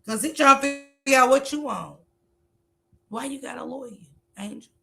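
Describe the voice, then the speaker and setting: Blunt, bright-voiced woman in her forties. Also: high voice, moderate pace, vocal fry. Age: 40s. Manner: blunt, profane and emphatic. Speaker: commentary livestream host. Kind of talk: reaction commentary.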